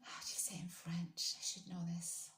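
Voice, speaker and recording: A woman's voice: fairly low pitch, completely flat delivery, moderate pace, whispered. Chatty woman streaming in an echoey room. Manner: chatty, rambling, asks viewers questions. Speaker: livestream host. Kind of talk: casual livestream chat. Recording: echoey room with faint noise.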